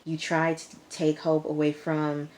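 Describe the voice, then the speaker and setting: Low-voiced woman giving a sassy recap. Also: completely flat delivery, unhurried, a little mellow. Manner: sassy, talks back to the characters. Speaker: TV episode reviewer. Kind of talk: casual episode recap.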